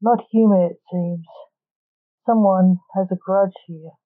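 A woman's voice: medium pitch, steady tone, slow pace, narrow, tinny audio. A woman voicing a snappish, grim middle-aged male coroner in a read-aloud story. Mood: stern.

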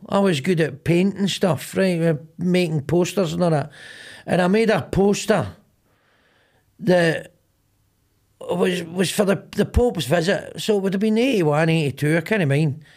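A man's voice: high-pitched, unhurried, a little mellow. A middle-aged man with a Glaswegian Scottish accent hosting a podcast, telling rambling, sweary stories and acting out both sides of arguments. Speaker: podcast host. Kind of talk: casual comedic chat.

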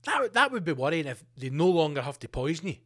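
A man hosting a podcast, ranting comedically with plenty of swearing and animated asides. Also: fairly high pitch, fast talker. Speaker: podcast host. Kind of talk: comedic rant.

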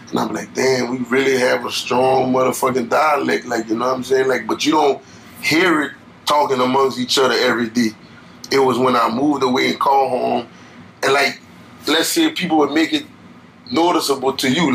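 A man's voice: medium pitch, fairly even intonation, a little fast, a bit bright, slight background noise, poor audio. A young man from Louisiana with a Louisiana accent, a guest chatting casually in a laid-back, rambling way full of fillers. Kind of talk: casual interview chat.

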